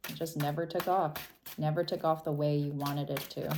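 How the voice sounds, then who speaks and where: A woman giving a casual tarot reading, talking in a soft, thoughtful way and often trailing off and restarting. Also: sits low, little pitch movement, moderate pace, slight background noise. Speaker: tarot reader.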